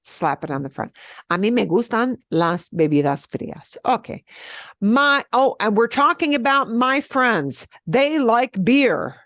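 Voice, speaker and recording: A woman's voice: fairly high pitch, unhurried, fairly bright tone, no echo, clean studio sound. A woman teaching a beginners' Spanish class over a video call, explaining patiently and checking in with "okay?" often.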